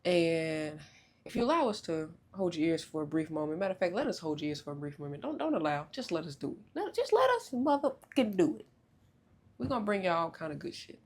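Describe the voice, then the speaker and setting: A young woman hosting a podcast in casual chat, loud, joking and profane, with big swoops in pitch. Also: lively intonation, quick pace. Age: young adult. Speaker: podcast host.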